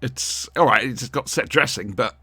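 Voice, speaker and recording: A man's voice: medium pitch, moderate pace, breathy edge, no room sound. A man, co-hosting a casual, jokey watch-along commentary. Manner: jokey, rambling, animated reactions. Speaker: podcast co-host.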